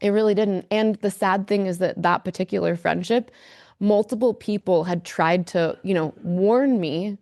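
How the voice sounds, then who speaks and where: A woman's voice: mid-range voice, normal speed, a little mellow, no room sound, studio quality. A woman as a podcast guest, speaking candidly and emphatically, with a lot of fillers. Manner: earnest, emphatic storyteller, many fillers.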